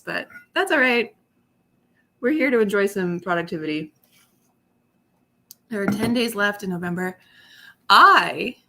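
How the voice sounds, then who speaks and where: A woman's voice: mid-range voice, fairly bright tone. A young woman hosting a casual livestream from her apartment, chatty and giggly as she talks to her viewers. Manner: chatty and giggly, talking to chat. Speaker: livestream host.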